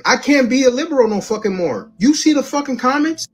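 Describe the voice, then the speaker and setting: A man's voice: very high-pitched, lively intonation, fairly quick, husky, faint music behind. A man delivering a sarcastic, profane rant.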